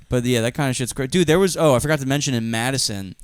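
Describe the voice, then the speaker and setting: A man's voice: mid-range voice, quick pace, smooth, no echo, studio quality. A young adult man co-hosting a podcast, telling rambling, profane stories and laughing often. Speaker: podcast co-host, comedian. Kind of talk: casual chat.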